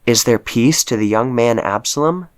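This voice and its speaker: A man reading aloud, voicing an old king crying out in grief for his son with wailing, drawn-out cries. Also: mid-range voice, clear, resonant tone, close to an everyday voice. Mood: measured.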